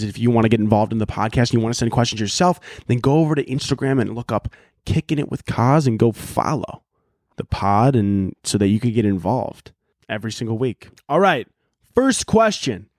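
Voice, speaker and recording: A man's voice: mid-range voice, dry recording, clean studio sound. A young man hosting a podcast, rambling sarcastically through a comedic monologue with frequent swearing. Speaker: podcast host.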